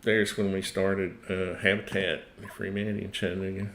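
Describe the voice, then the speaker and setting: Rambling Tennessee man, low voice. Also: little pitch movement, brisk, fairly bright tone, slight background noise. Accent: Tennessee Southern US. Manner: rambling and chuckling, trails off mid-sentence. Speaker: host. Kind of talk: casual livestream chat.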